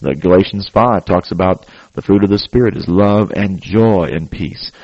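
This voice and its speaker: A man's voice: deep voice, moderate pace, no echo, highs cut off. A man preaching a sermon, urging his listeners in an earnest, exhorting way and often adding "praise God.".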